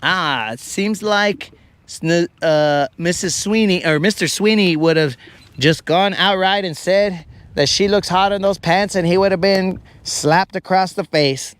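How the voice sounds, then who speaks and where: A man's voice: sits high, measured pace, a bit bright, clean tone. A man hosting a live fishing stream, rambling and teasing his viewers in casual chat. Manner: rambling, teasing, talks to viewers as bro and guys. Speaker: fishing livestream host.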